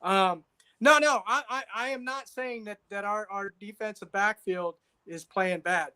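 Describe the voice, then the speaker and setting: A man's voice: high-pitched, measured pace, bright, forceful tone, smooth. A man co-hosting a casual sports talk show, insistent, repeating himself and checking agreement with "right?". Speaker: podcast co-host.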